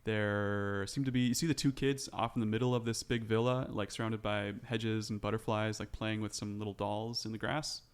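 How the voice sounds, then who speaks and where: A man with a lowish voice narrating as game master of a tabletop game. He describes scenes in a relaxed, chatty way, full of fillers and asides. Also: moderate pace, few pauses, smooth.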